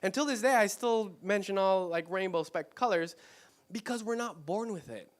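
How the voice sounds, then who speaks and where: Speaking at a moderate pace in a voice that sits high, a Mexican man delivers an informal church talk. His sermon is conversational, peppered with rhetorical questions and moments where he corrects himself.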